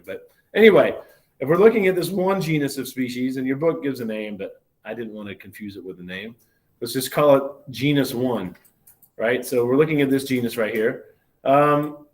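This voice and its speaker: Man giving a loose biology lecture. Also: mid-range voice. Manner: conversational, many fillers and self-corrections, asks "right?" often. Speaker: biology professor. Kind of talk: recorded university lecture.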